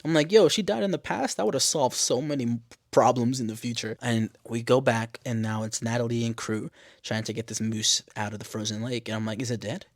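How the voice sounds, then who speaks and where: Young guy doing a loose recap, swears a lot, goes all high and loud when he reacts. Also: brisk, dry recording, studio quality. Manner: animated, jumps into exaggerated high quoted reactions, swears casually. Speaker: podcast host recapping a TV episode. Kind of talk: casual episode recap.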